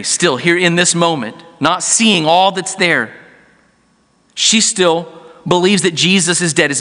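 A man's voice: high voice, bright, forceful tone. A man preaching a sermon as pastor, earnest and often restarting words mid-phrase. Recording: echoey hall.

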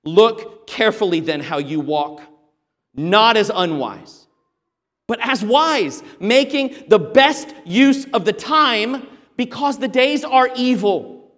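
Male pastor, high voice, emphatic sermon, long hall reverb. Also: animated, slow pace. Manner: emphatic preaching with sudden loud exhortations.

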